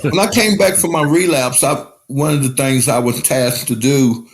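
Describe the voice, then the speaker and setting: Appearing as a guest on a laid-back recovery podcast, this man speaks at an ordinary middle pitch and a moderate pace. He's candid and unguarded about his story, cursing often, and the studio recording sounds close and clear.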